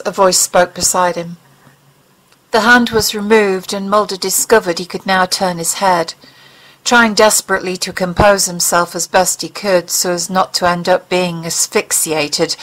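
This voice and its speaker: A woman's voice: medium pitch, a bit bright, rough recording. A woman narrating a dramatic audiobook. She reads with expression, pressing into the tense passages and inner thoughts of the story. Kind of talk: dramatic fiction reading.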